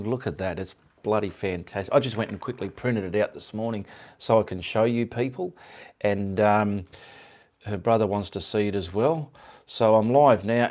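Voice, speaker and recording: His voice is lowish and a little mellow. An Australian from Perth, Western Australia, this livestream host and artist keeps a casual stream going, rambling and naming viewers as he greets them.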